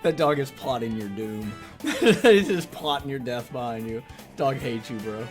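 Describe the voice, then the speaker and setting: A man streaming live, reacting to a video with loud laughing outbursts and quick asides. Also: medium pitch, animated, faint music behind.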